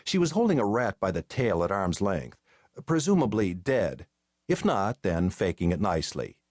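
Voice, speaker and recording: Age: adult. Sex: male. Role: audiobook narrator. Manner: wry, deadpan, animated pitch. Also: normal speed, dry recording, studio quality. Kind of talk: first-person scripted narration.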